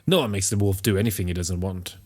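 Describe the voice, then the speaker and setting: A man's voice: low voice, fast, a little mellow. A man putting on a cocky wolf tough guy. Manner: cocky, taunting, calls people fool. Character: brash swaggering male wolf tough guy.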